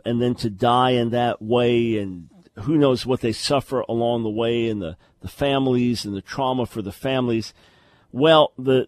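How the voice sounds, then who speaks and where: A man's voice: medium pitch, dry recording. A man hosting a call-in radio talk show, explaining religious questions in a lecturing way with sarcastic asides.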